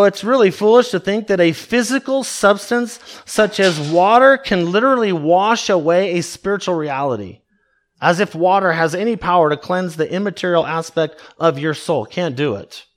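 A man's voice: high-pitched, moderate pace. A man preaching a sermon in an emphatic, conversational way, with wry asides to his congregation. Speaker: pastor.

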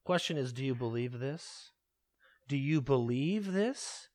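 A man preaching a sermon, emphatic, asking the congregation rhetorical questions and slowing down to stress key words. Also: mid-range voice, lively intonation, darkish tone. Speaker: pastor.

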